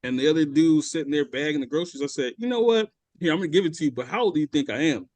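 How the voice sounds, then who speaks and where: A man in his thirties, a podcast co-host, telling animated stories in casual chat and acting out the voices of people he quotes. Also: a little high, very fast, no echo. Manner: animated storyteller who acts out quoted voices.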